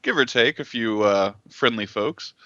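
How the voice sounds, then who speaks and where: A man's voice: mid-range voice, unhurried, highs cut off, noisy background. A young man playing at a tabletop game, trading jokes in casual chat. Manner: joking, laid-back banter. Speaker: player.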